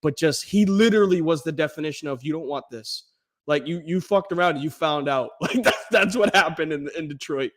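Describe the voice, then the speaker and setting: A man co-hosting a casual sports podcast with a slightly raised voice. He talks in animated, profane bursts and laughs easily as he goes. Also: on the high side, brisk, few pauses. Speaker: podcast co-host.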